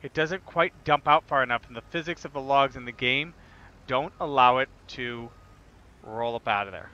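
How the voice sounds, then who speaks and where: A man in his thirties from the United States rambles and jokes as he streams a farming game. His voice is bright and forceful. The stream audio sounds dull and lo-fi. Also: mid-range voice, normal speed. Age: 30s. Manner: jokey, rambling, laughs often. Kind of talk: casual gameplay chat.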